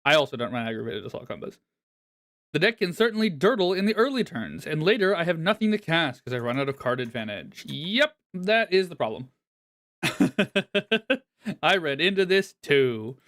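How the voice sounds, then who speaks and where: A man's voice: on the high side, sing-song, brisk, fairly bright tone. A man chatting casually on a live stream as he reviews viewers' decks, laughing often and poking fun at himself.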